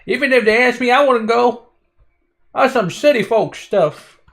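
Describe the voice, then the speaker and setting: A man's voice: very high voice, measured pace, fairly bright tone, pitched above the performer's own voice, full character voice. A man voicing a weary young countryside student in a put-on rural American country accent, reading game dialogue aloud with an exaggerated drawl. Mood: mopey, drawling. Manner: drawling, exaggerated hick delivery.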